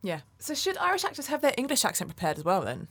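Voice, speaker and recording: A woman hosting an interview, chatty and quick to agree while asking questions. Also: a little high, huge pitch swings, a bit bright, breathy edge. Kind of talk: casual interview chat.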